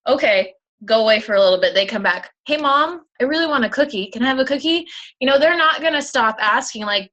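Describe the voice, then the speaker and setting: A young mother with a bright, sharp voice chats upbeat to her sales team. Her talk is casual and motivational, with quick stories from home. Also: fairly high pitch, low-quality recording. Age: young adult. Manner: upbeat, chatty, tells stories about her kids. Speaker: co-host of a sales team call.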